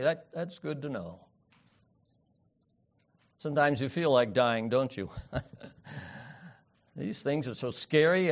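A man preaching a sermon, swinging from loud emphatic peaks down to soft, quiet asides. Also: fairly high pitch. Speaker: pastor.

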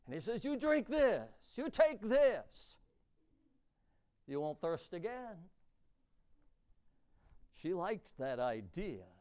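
A man preaching with a high, clear, smooth voice. His pitch swings widely as he moves from hushed asides to booming lines. He speaks slowly and stretches out key words. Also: very animated. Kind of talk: sermon.

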